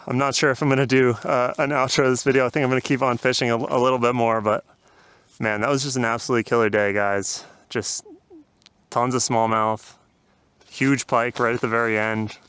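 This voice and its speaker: Male fishing vlogger, smooth mid voice, excitable, chatty, outdoors on a river. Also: medium pitch, fairly quick, no room sound. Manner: excited exclamations, laughing, breathless. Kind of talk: casual outdoor fishing vlog.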